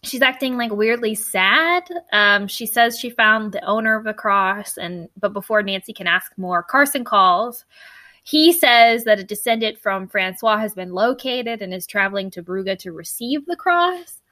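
A woman's voice: mid-range voice, measured pace, pushed and bright, no room sound. A woman co-hosting a podcast, retelling a mystery novel in a chatty, puzzled way with many restarts. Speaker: podcast co-host. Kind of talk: casual book discussion.

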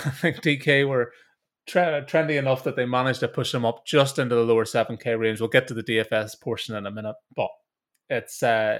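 Chatty Northern Irish man podcasting. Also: mid-range voice. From Northern Ireland. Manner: chatty, brisk, restarts and repeats words. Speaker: golf betting podcast host. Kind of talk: casual podcast chat with host-read ad.

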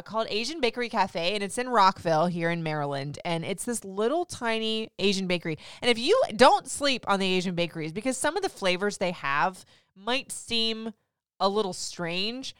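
A woman's voice: mid-range voice, expressive, moderate pace, a bit bright, smooth, dry recording, studio quality. A woman hosting a podcast, gushing about food in a chatty, casual way with lots of filler words. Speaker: podcast host. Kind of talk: casual chat.

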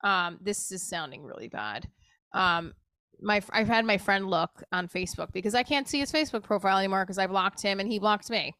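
A woman's voice: mid-range voice, lively intonation, fairly quick, bright, forceful tone, no room sound, clean studio sound. A woman talking candidly and emotionally in a rambling personal monologue, swearing casually as she goes. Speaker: show creator talking to camera.

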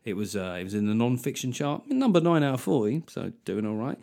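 A Mancunian man rants through his solo podcast, animated and sarcastic, swearing as he goes. His voice sits at an ordinary middle pitch. Now and then he mocks his critics in put-on voices. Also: brisk, vocal fry. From Manchester, England. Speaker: podcast host and comedian.

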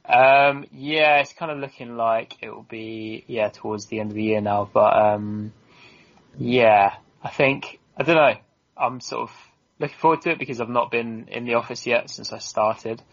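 English man, gravelly voice, hesitant with fillers, casual chat, dull lo-fi sound. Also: medium pitch, steady tone, normal speed. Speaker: stats contributor. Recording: dull lo-fi audio.

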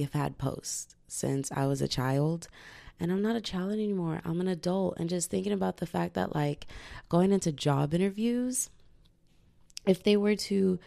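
Young woman vlogger, lowish gravelly voice, casual chatty delivery full of fillers. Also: mellow. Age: young adult. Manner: chatty, filler-heavy with frequent "like". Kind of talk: casual confessional vlog monologue.

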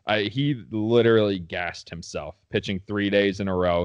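A man with a very low, deep voice, chatting casually as a podcast co-host. He talks like an animated, opinionated fan, recorded close and dry with no room sound. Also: clean tone, dry recording. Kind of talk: casual sports podcast chat.

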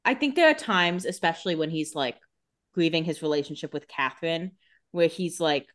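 Lower-voiced woman, wry and analytical. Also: a little fast, fairly bright tone. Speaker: podcast co-host. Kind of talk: casual chat recapping a TV episode.

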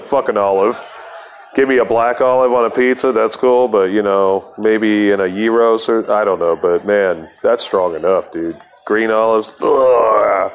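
Low-voiced profane man telling a story. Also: smooth. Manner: profane, rambling, laughs between lines. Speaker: podcast host. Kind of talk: casual storytelling monologue.

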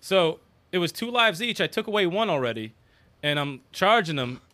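Bright, lively man, animated, swearing, casual gaming banter. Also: high voice, normal speed. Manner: animated, swearing, laughs often.

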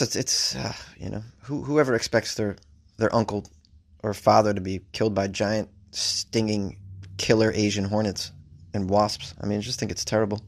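Sarcastic man riffing on odd news. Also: fairly low pitch. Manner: sarcastic, rambling, swears casually. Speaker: host reading and reacting to news stories. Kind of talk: casual commentary on news stories. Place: staying in a hotel abroad.

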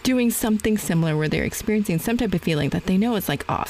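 A woman's voice: medium pitch, fast, few pauses, slight background noise, poor audio. A woman in her forties hosting a podcast interview, telling her own story and acting out past conversations. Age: 40s. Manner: animated storytelling, acts out past dialogue. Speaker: podcast host.

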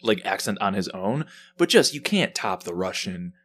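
A man co-hosting a podcast in casual chat, joking with quick wisecracks. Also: sits low, very animated, a bit bright. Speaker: podcast co-host.

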